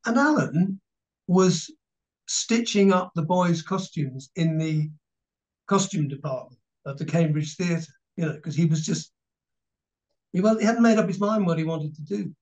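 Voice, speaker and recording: An English man in his sixties, a guest actor telling animated stories and laughing through an interview. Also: on the high side, measured pace. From England. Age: 60s. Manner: animated storyteller, laughing, mimicking others. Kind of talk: casual anecdotal interview. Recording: dull lo-fi recording.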